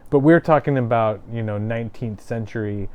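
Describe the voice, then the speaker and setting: A Midwestern man talks through video game history in an easy, explaining way. His voice is mellow and soft-edged, at a middle pitch, with relaxed laughs between points. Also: fairly quick, clean tone. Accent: Midwestern American. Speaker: co-host. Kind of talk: casual chat about games and comics. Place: comic shop.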